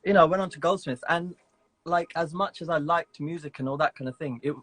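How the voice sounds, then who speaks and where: A man's voice: fairly high pitch, fairly quick, a bit bright, no echo. A man as a guest in a casual interview over a video call, talking in a reflective way with many "you know" and "sort of" fillers.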